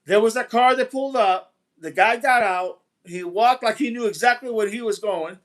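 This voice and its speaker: The voice is high and fairly bright, with a moderate pace, belonging to a man hosting a relaxed livestream. He reads the chat, welcomes viewers by name from it, and tends to ramble and repeat himself.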